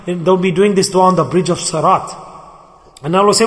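A man's voice: high voice, fairly even intonation, quick pace, a bit bright. A man preaching a sermon in an emphatic, repetitive way. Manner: emphatic, repetitive, acts out pleading voices. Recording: hall reverb.

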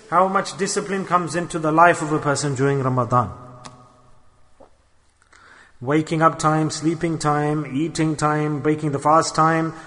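A man's voice: a little high, pushed and bright. A man preaching a sermon, telling a story and restating phrases for emphasis. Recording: long hall reverb.

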